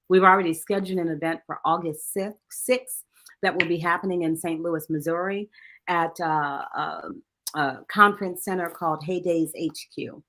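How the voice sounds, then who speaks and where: Bright-voiced animated woman author. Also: lowish voice, normal speed. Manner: animated, laughs often, shouts out friends. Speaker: author, guest. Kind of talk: casual interview chat.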